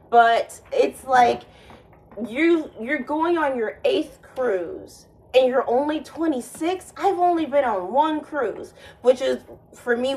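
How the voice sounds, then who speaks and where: A woman's voice: on the high side, a little mellow, low-quality recording. A woman vlogger in a casual monologue, rambling and sardonic, often restarting her sentences.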